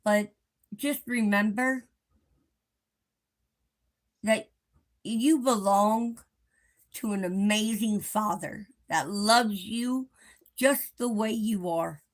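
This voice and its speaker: A woman hosting a live stream, speaking to her viewers in a gentle, reassuring way. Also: medium pitch, very slow, long pauses. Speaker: livestream host.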